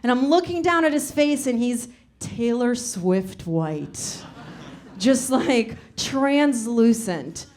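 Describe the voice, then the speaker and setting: Young woman stand-up comic, chatty storyteller with deadpan punchlines, voice a bit on the high side. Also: slow pace, a little hiss or hum. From Soviet Union. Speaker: stand-up comedian. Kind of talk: stand-up comedy. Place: comedy club stage.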